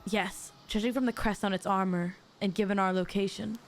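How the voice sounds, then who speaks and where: A woman streaming a mystery game, reading the dialogue aloud and breaking off into excitable, jokey asides to her chat. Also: medium pitch, fairly quick, soft background music. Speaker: VTuber streamer.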